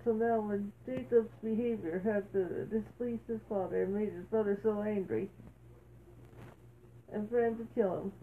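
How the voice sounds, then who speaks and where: A woman reading a bible story aloud, halting and correcting herself as she goes. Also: mid-range voice, fairly even intonation. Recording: tinny phone-like sound, faint hiss.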